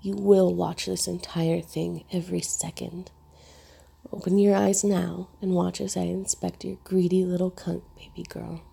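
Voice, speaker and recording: A woman voicing a stern, dominant man in a whispered role-play, speaking slowly in a low, gravelly way. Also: flat delivery, warm tone, heavily acted. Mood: commanding. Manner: slow, deliberate, commanding.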